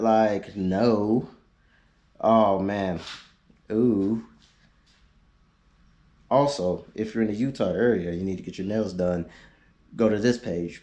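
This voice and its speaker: Laid back dude on his car vlog, talks real slow, cracks jokes reading names. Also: lowish voice, a little mellow. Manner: laid-back, drawn-out, joking asides. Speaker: YouTube car vlogger. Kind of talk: casual chat reading viewer suggestions.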